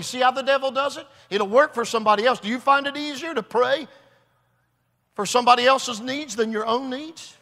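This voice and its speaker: A man preaching a revival sermon, earnest and repetitive, building to shouts. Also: very high-pitched, fairly quick. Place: large church hall. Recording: long hall reverb.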